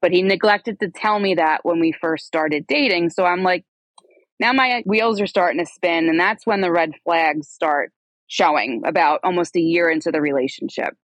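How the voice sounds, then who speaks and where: Woman recounting her story, low voice. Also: normal speed, dry recording, rough recording. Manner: conversational, rambling with asides and self-corrections. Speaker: podcast guest telling her story. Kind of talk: candid personal storytelling.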